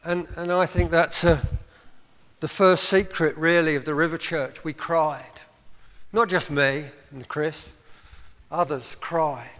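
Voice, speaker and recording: A man's voice: a little high, fairly even intonation, takes it slowly, a bit bright. A man preaching a sermon as pastor, with impassioned appeals and short laughs between his points. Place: church hall. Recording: long hall reverb.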